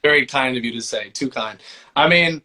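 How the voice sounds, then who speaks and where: A young man chats loosely as an interview guest, his voice sitting at an ordinary middle pitch. He rambles in a relaxed way and leans on fillers as he goes. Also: normal speed, a little hiss or hum. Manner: laid-back, rambling, many "like" fillers. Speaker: voice actor and musician guest. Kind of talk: casual interview chat.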